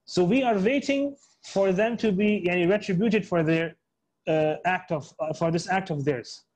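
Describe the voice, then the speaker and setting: High-voiced man teaching a tafsir class. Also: a little mellow, low-quality recording. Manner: explains slowly, mixing Arabic terms into English, many fillers and self-corrections. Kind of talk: online class lecture.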